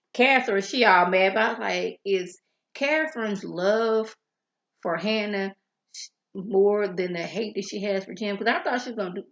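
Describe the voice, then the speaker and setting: A woman's voice: medium pitch, creaky, fairly bright tone, echoey room, muffled recording. A woman reviewing a TV drama episode in a casual recap, chatty and sassy, acting out the characters' lines.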